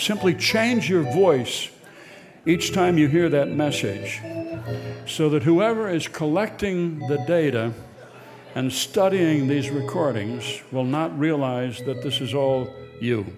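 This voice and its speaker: A male radio host reading a comic mock commercial with wry, rapid-fire rhetorical questions. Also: on the high side, animated, in a large hall, music in the background.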